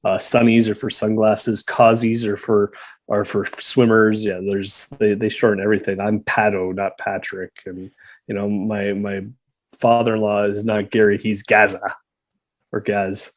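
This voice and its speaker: Canadian guy in his 30s, lowish voice, relaxed chatty podcast talk. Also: unhurried. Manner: relaxed, explains slang with easy laughs. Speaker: podcast co-host living in Australia. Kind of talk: casual chat.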